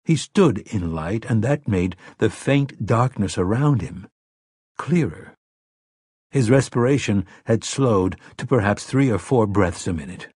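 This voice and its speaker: Casting: male audiobook narrator, low and unhurried, close dry read. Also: expressive, a little mellow, husky, no room sound. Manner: measured, unhurried storytelling. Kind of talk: scripted narration.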